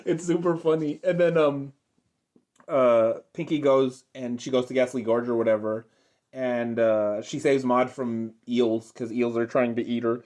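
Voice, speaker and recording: A man's voice: mid-range voice, fairly even intonation, unhurried, a little mellow. Rambling young man reviewing a cartoon. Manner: rambling, filler-heavy, enthusiastic retelling. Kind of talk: unscripted review.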